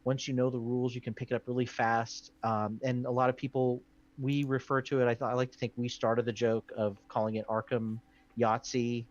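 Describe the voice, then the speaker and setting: A man's voice: medium pitch, flat delivery, brisk, highs cut off. A man hosting a board game stream, chattily explaining the rules with plenty of ums and uhs. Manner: chatty, with many fillers. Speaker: board game show host.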